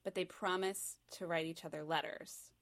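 A woman's voice: on the low side, fairly even intonation, normal speed, fairly bright tone. A young woman co-hosting a casual chat, describing a movie plot in a loose, rambling way with many fillers.

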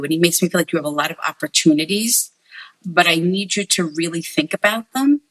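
A woman with a lowish voice gives a spirit reading to a family. She talks earnestly and repeats herself, relaying messages as quotes. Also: fairly quick, a bit bright, rough recording. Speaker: psychic medium.

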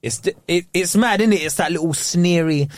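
A young man, co-hosting a podcast in casual chat, animated and fond of mimicking voices. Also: high-pitched, normal speed. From England. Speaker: podcast co-host.

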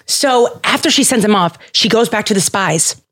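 A woman hosting a podcast, retelling a story in a casual, playful and animated way, with jokes and restarts. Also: medium pitch, moderate pace. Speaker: podcast host.

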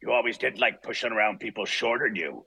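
A man doing Wolverine, a gravelly snarling mutant. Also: on the low side, quick pace, bright, forceful tone, no room sound, full character voice. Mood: snarling taunt. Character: gruff short tough male mutant Wolverine.

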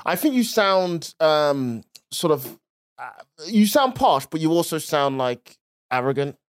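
A man's voice: a little high, very animated, a little slow, dry recording, clean studio sound. A man in his thirties with a Black Country accent and a lisp on his S sounds, co-hosting a casual comedic chat in a blunt, teasing way. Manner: blunt, teasing, laughs often. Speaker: podcast co-host.

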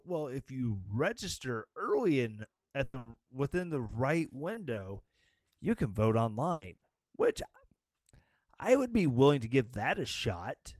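A man's voice: medium pitch, sing-song, measured pace, no room sound, clean studio sound. Tired, sarcastic man ranting on his show. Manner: sarcastic, rambling, with mocking quoted voices. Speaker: show host. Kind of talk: casual political rant.

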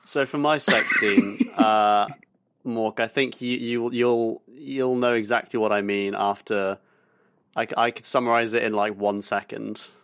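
A man's voice: on the low side, steady tone, unhurried, fairly bright tone. A man co-hosting a podcast, telling a story in casual chat and laughing often as he goes. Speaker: podcast co-host.

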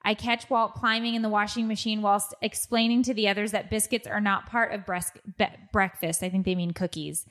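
A woman host in casual chat, reading out a funny story with lively, laughing delivery. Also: medium pitch, a little fast, hardly any pauses. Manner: animated storyteller, laughs often.

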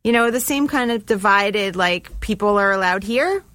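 A woman's voice: mid-range voice, moderate pace, a bit bright, dry recording. A woman from New Jersey, a guest chatting in a laid-back way and telling stories. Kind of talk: casual storytelling.

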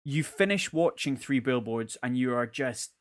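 A man's voice: mid-range voice, animated, normal speed. A man co-hosting a casual film chat, rambling and correcting himself as he goes. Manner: rambling, self-correcting, chatty. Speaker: podcast co-host. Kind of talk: casual chat about films.

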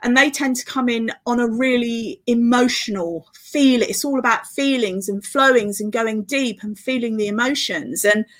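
A woman's voice: a little high, a bit bright. Middle-aged woman telling a heartfelt story. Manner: flowing, earnest storytelling with quick laughs. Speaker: guest, author and festival organiser. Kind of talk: podcast interview storytelling.

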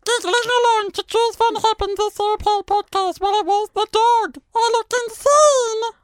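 A man putting on a comic high helium voice, shrill and giggly. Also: fairly even intonation, normal speed, no room sound, clean studio sound. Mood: silly squeak. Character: squeaky helium-voiced version of himself.

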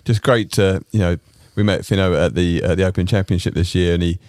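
A man's voice: deep voice, fairly even intonation, a little fast, darkish tone, no echo, studio quality. A man hosting a casual golf podcast, chatty and rambling with lots of fillers. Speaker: podcast host.

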